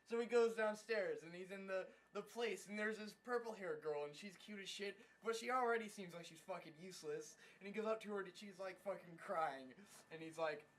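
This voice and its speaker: Crude, sarcastic young man, high-pitched voice. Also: moderate pace, rough recording. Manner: crude, sarcastic, profane, mocking voices of characters. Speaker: anime reviewer. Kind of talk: casual comedic recap.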